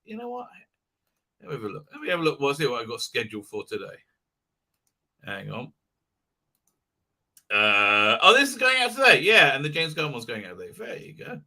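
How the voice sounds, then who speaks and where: A man's voice: mid-range voice, huge pitch swings, moderate pace, pauses often, pushed and bright. A middle-aged man hosting a live stream, rambling casually with lots of fillers and blunt jokes. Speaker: host.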